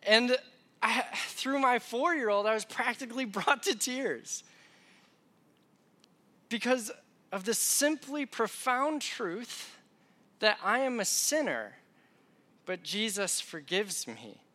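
A young male preacher delivers a sermon with a conversational, self-deprecating storytelling touch. His voice sits high for a man and rings bright and forward. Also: lively intonation, slow pace, long pauses.

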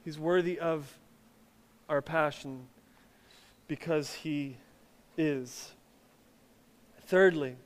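High-voiced pastor with a smooth, clear tone. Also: male voice, drawn-out words, pauses often, long reverb tail. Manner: conversational, with frequent fillers and restarts. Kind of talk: sermon with personal storytelling.

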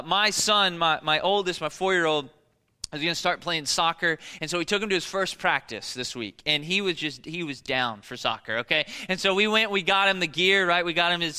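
A man's voice: high voice, pushed and bright, clean tone, big-room sound. A young man preaching a sermon as a pastor, speaking conversationally and emphatically, often restarting his sentences.

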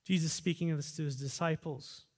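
A pastor preaching a sermon, swinging between loud fervent exhortation and quiet reflective asides. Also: male voice, a little high, steady tone, a little fast. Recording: long reverb of a large hall.

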